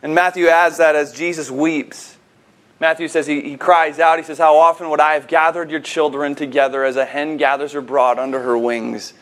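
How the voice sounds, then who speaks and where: Higher-voiced male pastor preaching vividly. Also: little pitch movement, normal speed. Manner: vivid storytelling with swings between hushed and emphatic delivery. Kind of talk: sermon.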